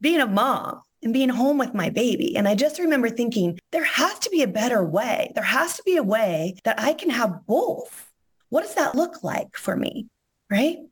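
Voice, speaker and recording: Hoarse woman telling her story. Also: on the high side, sing-song, moderate pace. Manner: emotional, heartfelt, close to tears. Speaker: podcast guest. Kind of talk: casual interview storytelling.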